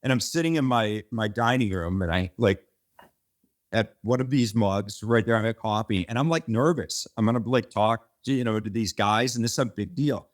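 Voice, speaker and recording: A man, a company founder, telling a story in a casual interview, rambling and animated, with restarts and mild swearing. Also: on the low side, moderate pace.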